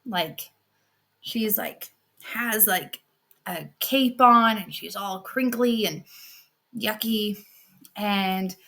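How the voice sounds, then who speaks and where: A woman hosting a podcast who retells a fairy tale in a casual, expressive way with many fillers. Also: medium pitch, extremely slow, vocal fry, long pauses. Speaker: podcast host.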